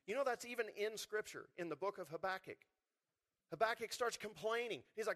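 A man preaching a sermon, lively and conversational, acting out the people in his stories. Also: sits high, a little fast. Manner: animated, acts out quotes in voices. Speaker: pastor.

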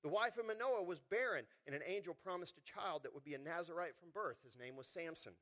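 A man preaching a sermon, lively and conversational, acting out the people in his stories. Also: a little high, fairly quick. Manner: animated, acts out quotes in voices. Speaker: pastor.

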